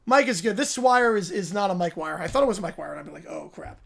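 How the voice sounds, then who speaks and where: A man's voice: high voice, lively intonation, quick pace, creaky. A man hosting a livestream, muttering casual asides to his chat. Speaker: livestream host.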